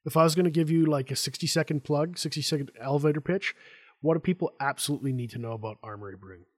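A man's voice: fairly high pitch, very fast. A man hosting a casual interview over a video call, telling stories and mimicking people. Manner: chatty storyteller, does voices of people. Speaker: podcast host.

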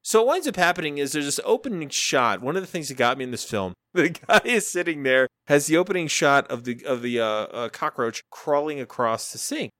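A man's voice: on the high side, expressive, a little fast, hardly any pauses, fairly bright tone, no room sound, studio quality. A man hosting a podcast in a casual, rambling monologue, swearing freely, laughing often and acting out quoted dialogue. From Florida, US. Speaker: podcast host.

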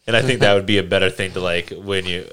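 A man's voice: fairly even intonation, quick pace, a bit bright, smooth. A young man hosting a casual podcast, reading out party-game cards and laughing often. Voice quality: laughs often, breaking into high-pitched laughter. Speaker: podcast host.

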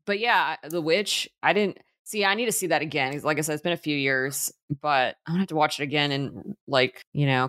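Chatty low-voiced woman podcaster. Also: fairly bright tone, no room sound, clean studio sound. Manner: chatty, many fillers and restarts. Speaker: podcast co-host. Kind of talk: casual movie discussion.

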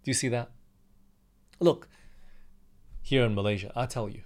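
A man's voice: mid-range voice, a little slow, long pauses, a little mellow. A young man from Australia who leads a Bible study in a conversational sermon style, often asking his listeners questions and acting out what people said. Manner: conversational, asks the listener questions, acts out quotes. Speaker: pastor leading a Bible study.

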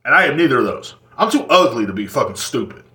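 Male podcast host, solo rambling rant, crude and jokey, mid-pitched, echoey room. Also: sing-song, quick pace, sharp tone. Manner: profane, rambling and joking. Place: seated indoors in a chair. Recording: roomy echoing room.

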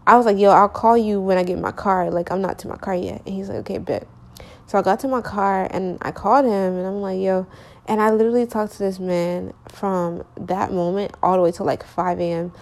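A woman's voice: medium pitch, steady tone, brisk. A young woman casually telling a long personal story, rambling with lots of fillers and slang, correcting herself as she goes, sleepy and yawning.

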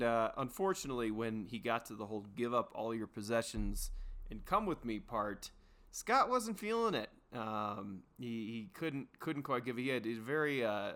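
A man co-hosting a casual comedy podcast, his voice sitting at an ordinary middle pitch. He spins absurd made-up history in a deadpan, mock-serious tone, stalling with ums and uhs along the way. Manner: deadpan mock-serious storytelling with many fillers. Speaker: podcast co-host.

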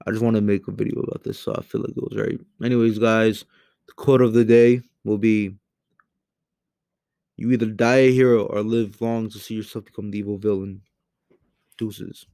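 A young man giving a heated, profane rant into a home microphone, swinging between loud outbursts and low muttering. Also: level tone, moderate pace, gravelly, no echo. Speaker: commentary host. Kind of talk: angry ranting commentary.

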